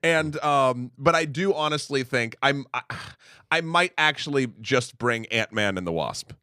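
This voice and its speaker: A young man co-hosting a movie podcast in casual chat, playful and quick to laugh. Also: medium pitch, clear, resonant tone, no room sound, studio quality. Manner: playful, laughs often, animated. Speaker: podcast co-host.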